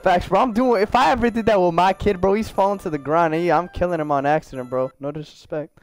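A man's voice: high-pitched, fast talker, soft background music. A young man giving casual, slangy gameplay commentary, joking and talking to the characters in his game. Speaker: gaming YouTuber.

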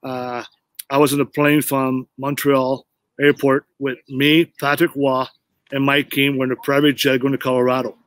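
A man's voice: mid-range voice, little pitch movement, moderate pace, a bit bright, dry recording. A middle-aged man, a former pro hockey player, telling his career story in an interview with earnest, emphatic phrasing. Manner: earnest, repeats "you know what" for emphasis.

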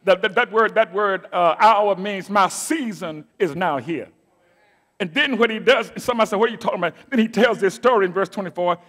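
A middle-aged man preaching a sermon as pastor, moving from quiet asides to loud declaimed scripture and calling out to his congregation. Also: high-pitched, brisk. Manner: call-and-response preaching, swings from soft asides to loud declaiming. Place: church sanctuary.

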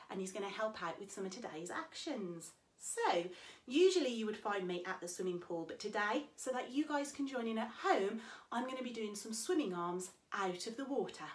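A woman in her thirties, a swimming teacher, leading small children through a playful lesson in a cheerful, sing-song way. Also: on the high side. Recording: echoey room.

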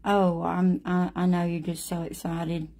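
A middle-aged woman with a drawl talks viewers through a watercolor painting at an unhurried pace. Her voice is low, gravelly and mellow, and she is chatty and friendly with her audience. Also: flat delivery. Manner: slow, chatty, speaks to viewers by name.

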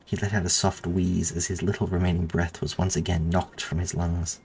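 A man reading his own story aloud in a steady, measured narration. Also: low voice, a little hiss or hum. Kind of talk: audiobook narration.

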